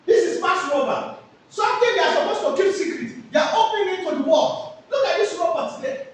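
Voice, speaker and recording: A woman teaches a class, throwing questions at it and answering them herself. Her voice is high and lively, with wide swings of pitch. She is heard from a distance in a very echoey room with faint background noise. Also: a little fast. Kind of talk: classroom lecture with call-and-response questions.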